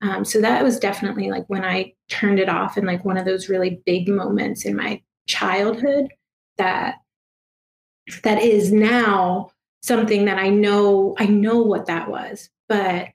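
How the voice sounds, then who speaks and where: A woman guest telling a personal story in a soft, emotional way, halting and full of fillers and restarts. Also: mid-range voice, steady tone, vocal fry, reverberant, slight background noise. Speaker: guest, past life regression therapist.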